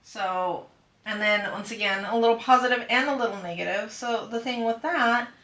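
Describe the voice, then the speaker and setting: A woman's voice: fairly bright tone, echoey room, distant mic. A woman hosting a hobby channel, chatting casually to viewers and acting out what other people said. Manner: chatty, acts out quoted people in a higher voice. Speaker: diamond painting channel host. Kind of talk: casual chat to a live audience.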